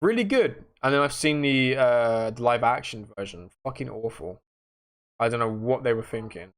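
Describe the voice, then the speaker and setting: Expressive and moderately paced, a young livestream host rambles to his viewers in a slangy, casual way, his voice jumping from loud outbursts to low mutters.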